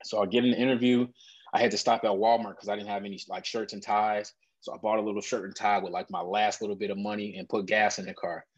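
A man, a guest in an interview, earnestly telling a personal story in an animated conversational way. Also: lowish voice, fast talker, no echo, muffled recording.

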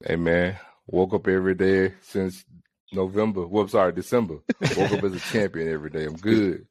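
A man with a low voice talks confidently on a casual sports podcast, filling his pauses with "um". The sound is dry and close. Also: steady tone, a little mellow, no room sound. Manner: confident, with frequent "um" fillers.

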